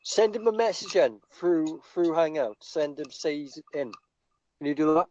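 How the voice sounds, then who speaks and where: A man's voice: on the high side, lively intonation, normal speed, a little mellow, dull audio. A man co-hosting a livestream in casual, joking, profanity-heavy banter. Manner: joking, swearing, laughing often. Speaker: livestream co-host.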